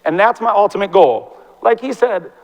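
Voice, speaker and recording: A man in his forties, a teacher giving an animated, fast, impassioned talk on stage in a large hall. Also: high-pitched, lo-fi sound. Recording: long reverb from a large hall.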